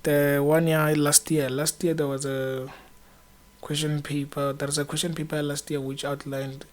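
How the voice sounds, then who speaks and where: A man's voice: on the high side, level tone, moderate pace. Chatty young man giving exam tips. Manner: chatty, encouraging, rambling with many fillers. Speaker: student exam-prep channel host. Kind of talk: casual exam-prep talk to camera.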